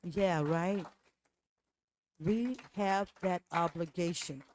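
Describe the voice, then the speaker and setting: A woman's voice: lowish voice, extremely slow, a little mellow, slight background noise. A woman hosting a podcast interview, speaking emphatically in a preachy, declaring cadence. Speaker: podcast host.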